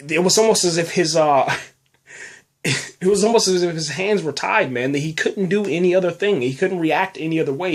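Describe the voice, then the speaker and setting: A man hosting a casual review podcast, rambling with lots of fillers and restarts and saying "man" a lot. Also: fairly high pitch. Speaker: podcast host reviewing a TV episode.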